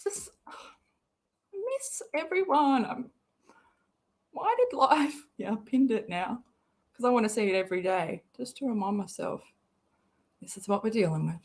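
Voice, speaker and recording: A woman's voice: fairly high pitch, expressive, moderate pace, long pauses, a little mellow. A woman hosting a casual livestream, talking bluntly, swearing freely and laughing often. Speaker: livestream host.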